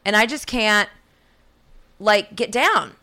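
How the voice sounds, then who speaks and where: A woman's voice: medium pitch, animated, takes it slowly, bright, forceful tone. A woman co-hosting a casual political podcast, swearing freely, talking animatedly and laughing often. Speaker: podcast co-host.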